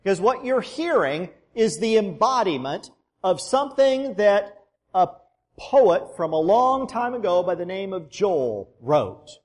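The apostle Peter booms out to a great crowd, loud and proclaiming, as a preacher puts him on. The voice sits high and rings with a long church reverb. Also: male voice, big pitch swings, measured pace. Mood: booming. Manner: booming, proclaiming.

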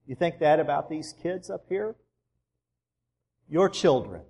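A man pastor giving a sermon in a church, telling the story conversationally and dropping soft for emphasis. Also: on the high side, lively intonation, measured pace, in a large hall.

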